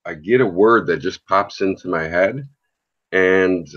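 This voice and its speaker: A man's voice: sits low, measured pace. A man asking a question on a video call, curious and hesitant, with many fillers, through dull lo-fi call audio. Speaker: caller. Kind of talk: casual group video chat.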